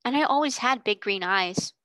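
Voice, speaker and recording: A woman's voice: a little high, lively intonation, moderate pace, no room sound. A woman voicing a brave, imaginative young girl who talks earnestly. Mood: cheerful. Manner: bright and earnest, fierce when angry.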